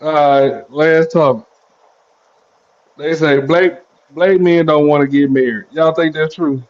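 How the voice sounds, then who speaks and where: Country-accented guy hosting a podcast, stumbles over his words, kinda high voice, muffled sound. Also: steady tone, unhurried. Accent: Southern US country. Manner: stammering, repeats words. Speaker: podcast host. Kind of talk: casual podcast chat. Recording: slightly muffled recording.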